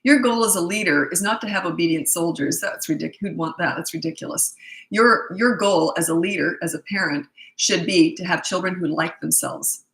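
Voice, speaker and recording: A woman's voice: fairly low pitch, normal speed, fairly bright tone, reverberant, rough recording. A middle-aged woman coaching parents in a casual Q&A, blunt, emphatic and repetitive. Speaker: parenting coach answering viewer questions. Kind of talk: casual live Q&A.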